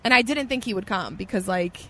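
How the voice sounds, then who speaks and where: A woman comedian on a podcast, telling a story in an animated, self-mocking way. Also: mid-range voice, a little fast, slight background noise. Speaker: comedian guest. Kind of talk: casual podcast chat.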